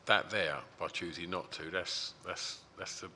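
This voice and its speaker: A man's voice: low-pitched, fairly even intonation, a little slow, bright, forceful tone, in a large hall, a little hiss or hum. A man interviewing a guest, asking reflective, probing questions in a casual way.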